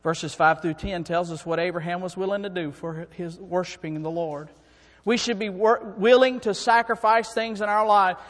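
A man preaching a sermon, swinging from quiet talk up to fervent, shouting peaks. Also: sits high, fairly even intonation, normal speed, few pauses. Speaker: preacher and song director. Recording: long hall reverb.

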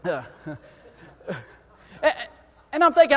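High-voiced fervent preacher, echoing hall. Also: male voice, moderate pace. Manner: rising to fervent shouting peaks. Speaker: preacher and song director. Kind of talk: sermon. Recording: long hall reverb.

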